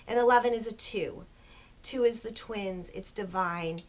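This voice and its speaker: A woman giving a casual tarot reading to her viewers, earnest and soft-spoken, with a spiritual tone and frequent filler words. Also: medium pitch, measured pace. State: just woken early in the morning. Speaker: tarot reader.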